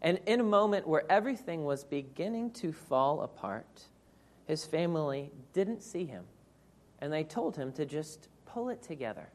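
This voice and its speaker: Low-voiced woman preaching an earnest sermon. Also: very animated, moderate pace, a little mellow. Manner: earnest, reflective teaching with read scripture.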